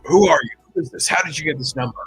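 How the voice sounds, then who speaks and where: A man's voice: mid-range voice, moderate pace, bright, forceful tone, breathy edge, dry recording, faint music behind, rough recording. A man voicing a brusque male military phone operator, with a clipped, official manner. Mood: alarmed.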